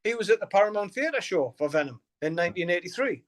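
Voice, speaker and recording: A middle-aged man with a broad Geordie accent talks in a fairly high voice. He rambles, restarts his sentences and swears freely, laughing through his stories as a guest musician. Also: lively intonation, quick pace. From Newcastle, England. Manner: rambling storyteller, heavy swearing, frequent laughter, many restarts. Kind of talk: casual interview chat.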